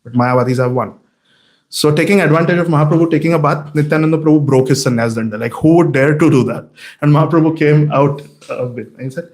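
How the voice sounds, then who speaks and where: A man giving a scripture class in a temple hall, telling the stories with animated energy and many fillers. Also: fairly high pitch, fast. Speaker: class speaker.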